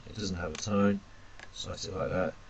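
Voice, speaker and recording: Man, language teacher, chatty, low voice, faint background noise. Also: fairly even intonation, normal speed. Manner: chatty, self-deprecating, addresses "ladies and gentlemen". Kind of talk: screencast lesson, drawing characters.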